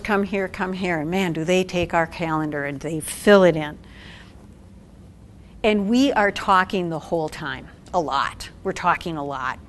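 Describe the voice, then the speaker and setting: A woman social worker giving a talk to a support group, animated and acting out quotes with laughs. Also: on the low side, slight background noise.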